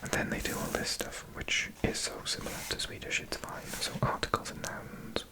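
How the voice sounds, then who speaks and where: A man's voice: moderate pace, sharp tone. A man hosting his channel in a whispered ASMR style, musing to himself and repeating practice words aloud. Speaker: channel host.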